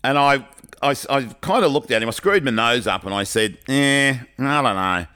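A man's voice: medium pitch, brisk, smooth, faint music behind. A middle-aged Australian man, a teacher and podcast co-host, animatedly telling classroom stories in a casual chat. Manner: animated storyteller who acts out the people in his anecdotes.

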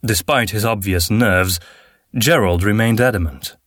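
A man narrating a fantasy audiobook in a steady, measured way. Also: on the low side, dry recording, clean studio sound. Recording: narration with faint background music.

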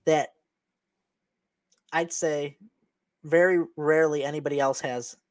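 A man co-hosting a casual podcast chat, relaxed and playful. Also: a little high, unhurried, no room sound. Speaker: podcast co-host.

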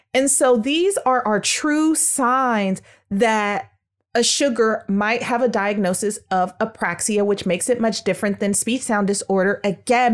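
A woman with a somewhat high voice explains early speech development in a lively podcast lesson. She sounds out syllables to demonstrate and speaks warmly and directly to her listeners, calling them by pet names. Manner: calls listeners sugars and world changers. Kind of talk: educational podcast talk.

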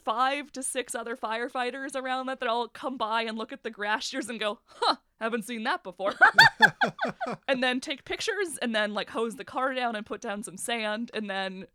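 Young woman, animated storyteller with lots of laughter, bright tone, slightly high. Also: normal speed, clean tone, no echo, studio quality. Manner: animated, laughing storyteller who acts out quotes. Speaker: podcast co-host. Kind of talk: casual chat, storytelling.

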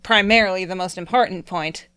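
Woman player, smooth clear voice, talkative, swears casually, narrates her character. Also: lowish voice, fairly quick, pushed and bright. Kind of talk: casual tabletop play chat.

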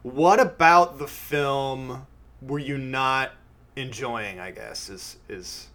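A man chats casually about a film with his co-host, laughing easily and questioning him. His mid-range voice has a sharp tone, and he speaks at a slow pace.

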